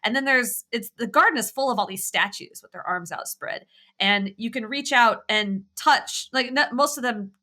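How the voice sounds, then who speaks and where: A woman's voice: fairly high pitch, normal speed. A woman co-hosting a podcast, chatting casually and retelling a video game's puzzle, quoting its characters as she goes. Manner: chatty, animated retelling, quoting game characters in little voices. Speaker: podcast co-host. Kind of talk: casual chat about a video game.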